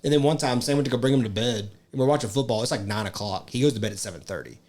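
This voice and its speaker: A man's voice: mid-range voice, very fast, a little mellow. A young man chatting as a podcast co-host, telling stories in a laid-back, profane way. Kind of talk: casual chat.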